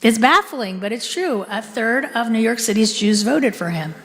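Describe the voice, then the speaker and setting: A middle-aged woman, a guest speaker, addresses a live audience in a synagogue hall, where the live room gives a long reverb. Her voice sits on the high side with lively intonation at a normal speed, and she keeps things conversational by asking the crowd questions.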